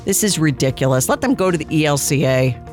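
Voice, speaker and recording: A woman's voice: deep voice, lively intonation, fast, darkish tone, soft background music. A woman hosting a talk radio show, giving sarcastic, combative commentary from a studio. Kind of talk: opinionated commentary.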